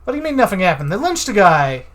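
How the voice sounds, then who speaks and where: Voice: mid-range voice, very animated, fast talker, fairly bright tone, pitched above the performer's own voice. A let's-play narrator voicing a brash male detective who questions bluntly and impatiently.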